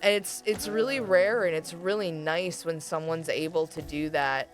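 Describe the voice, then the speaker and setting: Faint music plays behind a low-voiced woman who speaks at a moderate pace as she streams. She laughs a lot, swears freely, and keeps up casual gameplay banter with her chat.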